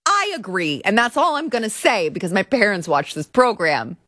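A woman's voice: medium pitch, big pitch swings, moderate pace, a bit bright, no room sound. Woman host, wry commentary, incredulous asides, dry close mic. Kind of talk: commentary on a court filing.

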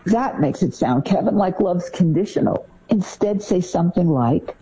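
Woman co-host, animated advice-giver, warm husky voice, dull lo-fi recording. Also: normal speed, hardly any pauses. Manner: animated, acts out parent phrases in a higher voice. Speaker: co-host giving parenting advice. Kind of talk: conversational advice talk.

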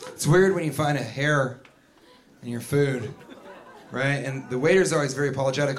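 A man doing a stand-up routine, animated, breaking into shouted, indignant rants. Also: mid-range voice, normal speed, pauses often. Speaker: stand-up comedian.

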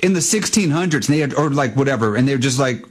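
A man's voice: mid-range voice, animated, quick pace, slightly rough. A man co-hosting a radio talk show, rambling with lots of restarts and "like"s. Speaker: radio co-host.

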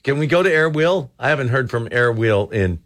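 A man's voice: medium pitch, expressive, fairly quick, fairly bright tone, no room sound. A man hosting a call-in radio show, chatting casually with callers and laughing often between reads. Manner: laughing, exclaiming, upbeat.

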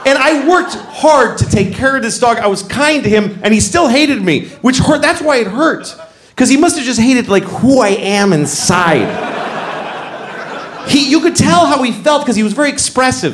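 A man doing a stand-up comedy routine, telling stories animatedly and shouting punchlines. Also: very high voice, normal speed. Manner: animated storytelling, acts out voices, shouts punchlines.

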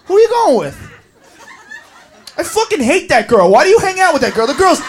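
A man's voice: very high voice, big pitch swings, brisk, slight background noise, heavily acted. A man playing a jealous, suspicious boyfriend who nags about his girlfriend's friends. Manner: nagging, resentful.

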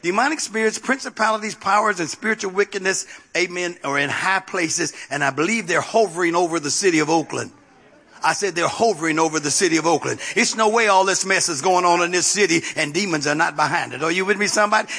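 A man's voice: high-pitched, fairly quick, bright, forceful tone, slightly rough. A man preaching a sermon as pastor, repeating phrases and calling out to the congregation for response.

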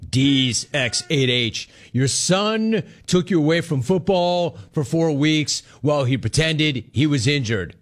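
A man hosts sports talk with a sarcastic, teasing delivery, mocking fans while laughing at his own jokes. His voice sits a bit high for a man. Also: lively intonation, slow pace, hardly any pauses. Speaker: sports talk show host.

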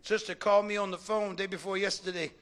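High, bright-voiced shouting preacher man. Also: flat delivery, quick pace, slight background noise. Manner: shouting, rhythmic repetition, call-and-response. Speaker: bishop preaching. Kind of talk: fiery sermon.

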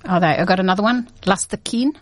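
A woman co-hosting a relaxed community radio show. She talks in an easygoing way and reads out Italian kitchen words and event notices. Her voice sits at an ordinary middle pitch. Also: quick pace, a little hiss or hum. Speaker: radio co-host. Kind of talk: casual radio chat.

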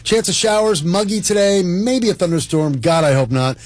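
A man's voice: high-pitched, expressive, moderate pace, a little mellow, no echo. A man co-hosting a radio morning show, bantering playfully and laughing at himself.

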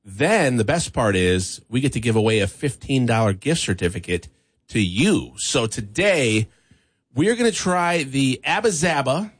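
A man's voice: medium pitch, sing-song, moderate pace, slightly rough, dry recording. A man hosting a radio morning show in the studio, chatting casually and laughing easily while taste-testing candy. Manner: easygoing, chatty, laughs often. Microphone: studio microphone.

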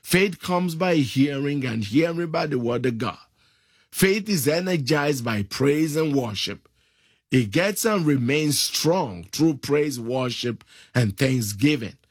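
A man preaching a sermon, slow and emphatic, stretching out key phrases. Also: on the high side, expressive, breathy edge, no echo, studio quality.

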